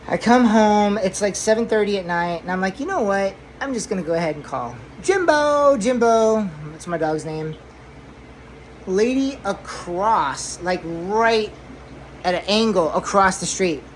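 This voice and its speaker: A woman chats casually to the camera from inside her home, drifting through a long story. She repeats herself and fills pauses with plenty of "um" and "like." A soft hum of room sound sits faintly behind her, and her pitch stays at a middling height. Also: low-quality recording. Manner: rambling, repeats herself, many fillers. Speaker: aquarium hobby vlogger. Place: indoors at home, new fish room.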